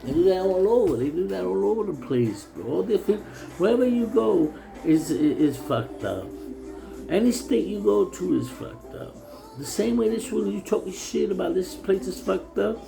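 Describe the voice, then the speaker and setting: A man's voice: high voice, expressive, moderate pace, vocal fry, over music, low-quality recording. A man from New City, ranting heatedly in a repetitive, stammering, profane way about his town. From New York City. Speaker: local resident. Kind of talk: casual ranting monologue.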